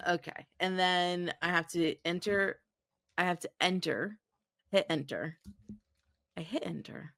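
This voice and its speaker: A woman co-hosting a podcast in casual chat, unhurried and trailing off into fillers. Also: on the low side, animated, a bit bright, dry recording. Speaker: podcast co-host.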